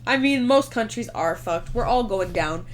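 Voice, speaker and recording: A woman's voice: fairly high pitch, animated, normal speed, a crowd in the background. Casual swearing woman podcaster. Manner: swearing, storytelling with quoted voices. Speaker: podcast co-host. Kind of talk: casual chat.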